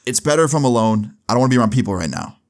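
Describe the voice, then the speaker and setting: A man's voice: medium pitch, animated, racing, natural voice. A man quoting an anxious young guy. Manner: shaky, insistent, overwhelmed.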